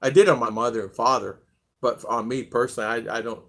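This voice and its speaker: An older American man hosting a casual live stream, rambling as he reads viewer comments aloud. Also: fast talker. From United States. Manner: rambling, reads chat aloud, lively pitch swings.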